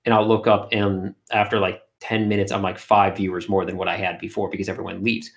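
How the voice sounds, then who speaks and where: Energetic, low-voiced man telling stories. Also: brisk. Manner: energetic storyteller, lots of fillers. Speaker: guest, art streamer. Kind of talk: casual interview chat.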